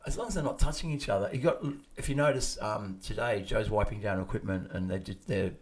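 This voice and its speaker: A hoarse man co-hosting a podcast, chatting bluntly with swearing and trailing fillers. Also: on the low side, brisk. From Australia. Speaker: podcast co-host. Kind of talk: casual chat.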